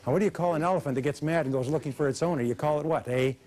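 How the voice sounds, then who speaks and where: A motivational speaker gives a seminar talk emphatically, posing rhetorical questions and having the audience repeat his lines. His voice is a little high and a little mellow, and he races along.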